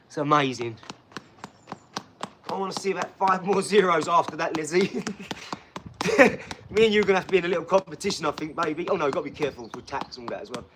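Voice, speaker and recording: A middle-aged man hosting a live stream, talking in loud, hyped, streetwise banter. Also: on the high side, lively intonation, fast, noisy background. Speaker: livestream host. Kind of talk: casual live-stream chat.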